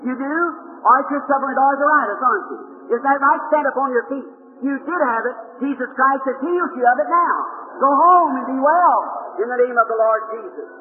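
High-voiced preacher in a tinny old hall recording. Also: male voice, a little hiss or hum. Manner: calls out people in the crowd, asks short questions. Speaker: healing evangelist. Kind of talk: revival healing sermon. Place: large meeting hall.

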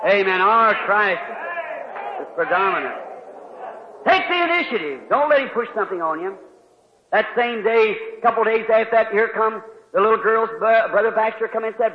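High-voiced man preaching, old lo-fi hall tape. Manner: folksy, swings from loud preaching to quiet storytelling. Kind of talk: revival sermon with storytelling.

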